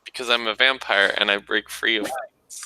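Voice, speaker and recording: A man's voice: fairly low pitch, steady tone, moderate pace, sharp tone, clean tone, poor audio. A man playing a tabletop game, playful and jokey. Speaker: player. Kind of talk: casual tabletop play.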